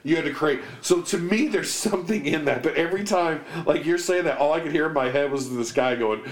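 A man co-hosting a podcast, telling an anecdote in a casual, animated way. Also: fairly high pitch, brisk. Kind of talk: casual chat, storytelling. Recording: roomy echo.

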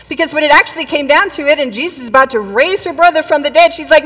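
A woman with a high voice preaches a sermon in a church hall, talking it through in a casual, conversational way. She acts out the quoted people in the story, and her voice rings with the long reverb of a large room. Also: fairly quick, few pauses, fairly bright tone. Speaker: pastor.

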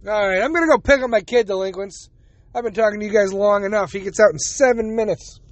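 Talking at a quick pace in a high voice, with no room sound, a man runs a casual solo podcast. He is drowsy and yawns occasionally while bluntly and sarcastically mocking the other side with put-on quotes.

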